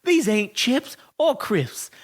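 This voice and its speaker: A man's voice: very high-pitched, sing-song, slow pace, pitched above the performer's own voice, full character voice. A man imitating a laid-back, sing-song wrestler. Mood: playful. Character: laid-back, playful veteran male wrestler.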